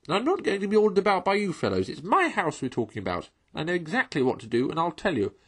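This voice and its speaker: A man voicing a boastful, excitable male toad in a storybook reading, loud and blustering. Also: fairly low pitch, fairly quick, slightly rough. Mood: excited.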